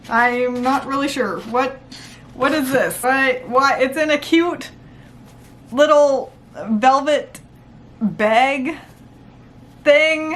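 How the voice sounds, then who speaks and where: High-voiced gushing young woman vlogger. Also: a bit bright. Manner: gushing, squealing, rambling with fillers. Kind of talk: excited unboxing vlog.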